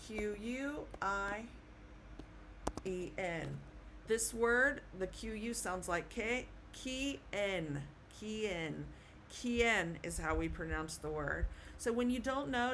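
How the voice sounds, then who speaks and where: A woman giving an online language lesson, slowly spelling out letters and repeating each sound patiently. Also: mid-range voice, a bit bright, a little hiss or hum. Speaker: Spanish teacher.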